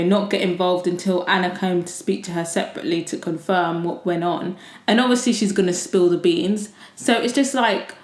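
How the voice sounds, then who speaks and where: A woman chats through a reality show episode on her podcast, animated and gossipy, and she swears freely. Her voice sits at an ordinary middle pitch for a woman. The room around her desk mic rings with a noticeable echo. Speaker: podcast host. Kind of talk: casual reality TV recap. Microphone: desktop USB mic.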